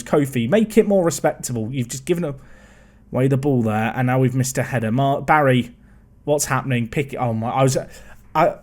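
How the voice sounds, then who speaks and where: An English gaming video creator sits at his computer giving rambling, exasperated let's-play commentary. His voice is a little high and a little mellow.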